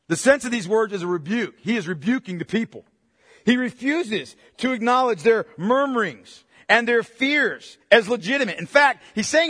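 Man, very high voice, emphatic preacher, reverberant hall. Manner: emphatic, rising to shouts, slows for stress. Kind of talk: sermon with scripture reading.

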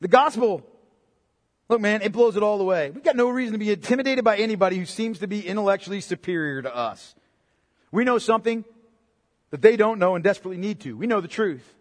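Impassioned high-voiced preacher in a reverberant hall. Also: male voice, animated, fast. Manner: impassioned, swings from loud high outbursts to low quiet emphasis. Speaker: pastor. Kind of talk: sermon.

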